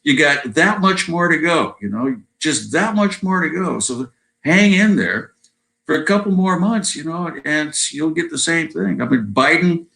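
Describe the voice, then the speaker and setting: A man's voice: fairly high pitch, lively intonation, a little slow, vocal fry, sharp tone, poor audio. A man around seventy with an American accent, a guest chatting in a rambling way over a video call and tagging his sentences with "you know" and "right?". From Southern California. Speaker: guest musician. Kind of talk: casual interview chat.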